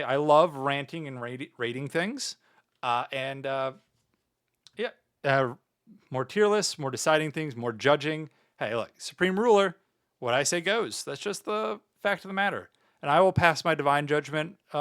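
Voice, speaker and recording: Male streamer, casual livestream chat, playful, self-styled grand ruler, frequent swearing, somewhat higher voice. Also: fairly bright tone. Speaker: VTuber streamer.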